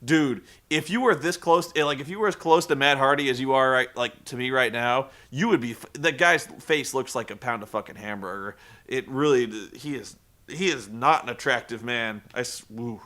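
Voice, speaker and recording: A man's voice: mid-range voice, moderate pace, sharp tone. A man giving a casual recap of a wrestling show, rambling and swearing freely with many restarts. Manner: profane, rambling, with frequent restarts.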